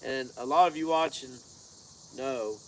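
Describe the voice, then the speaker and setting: A medium-pitched man co-hosts a casual live chat for a car-build channel, talking at a measured pace in a folksy, rambling drawl. Faint outdoor insect noise can be heard in the recording.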